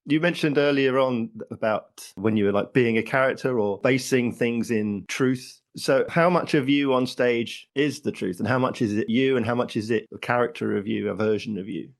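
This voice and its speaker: A woman hosting a podcast, asking interview questions in a soft-spoken way and laughing along. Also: extremely low pitch, normal speed, hardly any pauses. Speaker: podcast host.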